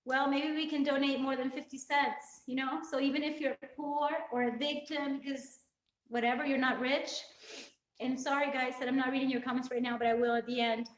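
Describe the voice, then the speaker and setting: A woman's voice: high voice, little pitch movement, fairly quick, roomy sound, distant mic, rough recording. A woman hosting a live stream, crying as she speaks to her viewers in a heartfelt, rambling, earnest way. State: tearful, crying. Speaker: fitness vlogger hosting a livestream.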